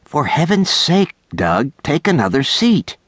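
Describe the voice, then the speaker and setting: A man voicing a tired, exasperated mother who pleads slowly and strainedly. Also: a little high, sing-song, a bit bright, no echo, studio quality, voice pushed up, exaggerated voice.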